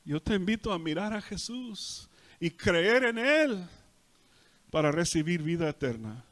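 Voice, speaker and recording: A male pastor with a Texas Spanish accent, preaching a sermon and repeating each point in Spanish and then in English, swelling loud on emphasis. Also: sits high, sing-song, moderate pace. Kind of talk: bilingual sermon. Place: church sanctuary.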